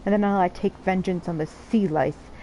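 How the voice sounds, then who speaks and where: A woman's voice: on the low side, normal speed, dark tone, close to an everyday voice, poor audio. A woman reading aloud as a wrathful female wind primal goddess in a video game, grandiose and menacing. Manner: grandiose, menacing, theatrical declaiming.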